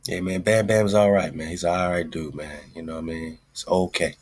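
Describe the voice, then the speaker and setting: A man's voice: low voice, fairly even intonation, fairly quick. A man hosting an internet radio show, talking in loose, slangy, rambling casual chat and calling his listeners "man.". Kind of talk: casual livestream talk.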